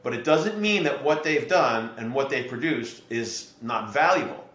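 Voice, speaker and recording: A middle-aged man from New Jersey, a podcast guest and real estate investor, explaining his ideas through steady anecdotes. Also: mid-range voice, normal speed. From New Jersey, USA. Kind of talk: podcast interview storytelling. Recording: echoey room.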